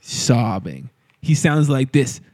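A man's voice: mid-range voice, big pitch swings, slow, a little mellow. A man running a tabletop role-playing game as game master, with a playful, teasing manner.

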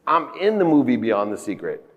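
This keynote speaker's mid-range voice is very animated and brisk, though the recording has its highs cut off. On a large conference hall stage with long reverb, he tells motivational stories emphatically, acting out dialogue amid rising outbursts.

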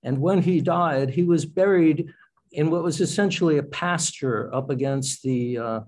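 A man's voice: fairly high pitch, a little slow, darkish tone. A man, an author and poet, talking about his craft in an interview with a chatty, self-deprecating manner. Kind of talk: radio interview conversation.

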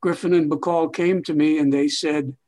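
An older man speaks as a guest in an interview, his voice sitting a little high for a man. He tells stories in an expansive, emphatic way, stretching his phrases for weight. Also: fairly even intonation, normal speed, a little mellow. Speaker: veteran TV writer and guest. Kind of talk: reflective interview storytelling.

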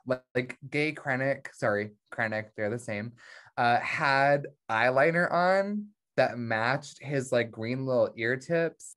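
A man's voice: medium pitch, fairly bright tone. A man co-hosting a casual review podcast, talking bluntly and swearing freely. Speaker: podcast co-host.

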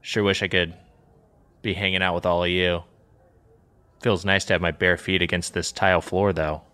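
A man's voice: sits low, little pitch movement, normal speed, bright, forceful tone, smooth. An actor playing a hapless man who talks to himself while hiding from terrorists in a comedy audio play. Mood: bumbling. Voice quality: bumbling, self-talking. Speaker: hero of the parody.

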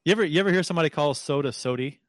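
A man's voice: on the high side, very fast, no echo. A man co-hosting a casual podcast, teasing his co-hosts with plenty of restarts. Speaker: podcast co-host. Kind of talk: casual chat.

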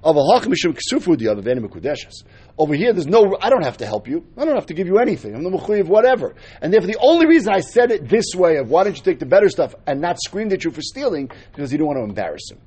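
A man with a husky voice teaching a Talmud lesson, explaining step by step and mixing in Hebrew and Aramaic terms. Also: a little high, big pitch swings, fast talker, dark tone.

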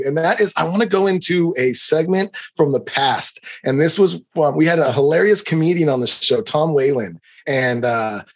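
A middle-aged man hosting a podcast, ranting in an animated, profane, heated way. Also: a little high. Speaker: podcast host. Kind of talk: comedic rant.

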